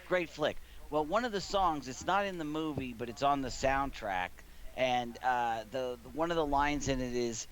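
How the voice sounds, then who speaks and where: A man in his thirties streaming from his living room, telling a long, meandering story at a relaxed pace. His voice sits in an ordinary middle range, and he laughs between lines. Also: medium pitch, normal speed. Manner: rambling anecdotal storyteller, laughs often. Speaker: gaming streamer. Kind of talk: casual stream chat, storytelling.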